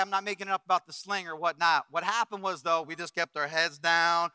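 A middle-aged man preaching as a pastor, telling a story with acted-out quotes and swings from loud bursts to hushed reflection. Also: on the high side, steady tone, brisk, hardly any pauses, clear, resonant tone, no room sound. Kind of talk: sermon storytelling.

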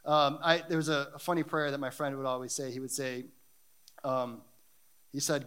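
A man's voice: medium pitch, lively intonation, fairly quick, pushed and bright. A man preaching a sermon and reading scripture, talking in an earnest, emphatic way that builds in intensity.

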